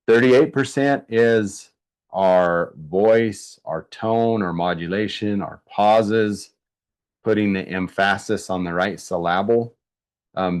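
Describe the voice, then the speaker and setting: A man's voice: low voice, darkish tone. A man presenting an online workshop, talking conversationally with many fillers and asking viewers to answer in the chat. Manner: conversational, thinks aloud with fillers and restarts; asks the audience to answer in chat.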